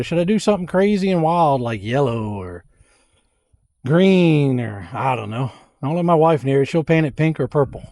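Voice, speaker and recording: Guy talking to y'all about his tractor gear, kinda high voice, folksy, no room echo. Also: darkish tone. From Louisiana. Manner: folksy and chatty, addresses viewers as y'all and folks. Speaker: homestead vlogger. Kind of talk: casual product walkthrough.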